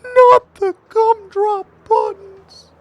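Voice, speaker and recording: A man voicing a frightened little gingerbread man in a shrill, shrieking falsetto. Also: fairly even intonation, drawn-out words, no room sound, highs cut off, full character voice. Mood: panicked.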